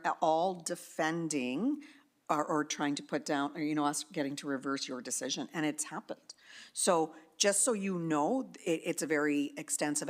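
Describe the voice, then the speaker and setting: Low-voiced woman explaining at a meeting. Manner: direct, explanatory. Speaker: commission or council member. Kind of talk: meeting discussion.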